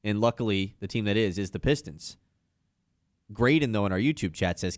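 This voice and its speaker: A man's voice: fairly low pitch, expressive, normal speed, no room sound, clean studio sound. A man hosting a sports talk radio show, chatting casually and with animation about basketball. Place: radio studio.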